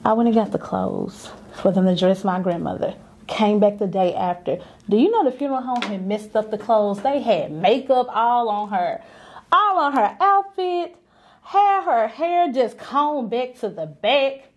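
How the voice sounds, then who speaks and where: A woman's voice: on the high side, animated, measured pace. A young adult woman and business owner telling a personal story candidly and conversationally, acting out the voices she quotes.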